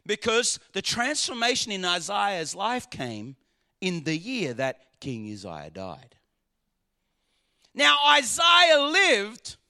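A man preaching a sermon, swinging dramatically between shouted lines and hushed ones. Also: sits high, creaky.

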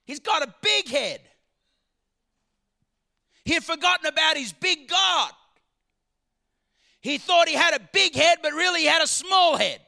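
A man preaching a sermon, swinging dramatically between shouted lines and hushed ones. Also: extremely high pitch, expressive, a little slow, vocal fry, long pauses.

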